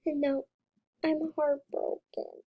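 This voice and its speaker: Female gaming creator, casual play-by-play; slightly high, unhurried, warm tone with excitable bursts and whispered asides. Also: dull audio. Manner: chatty and excitable, drops into whispers. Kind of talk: casual gameplay commentary.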